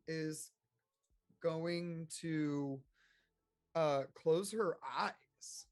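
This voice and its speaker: A tabletop game player describing their character's actions in a halting way with many fillers. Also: mid-range voice, no echo.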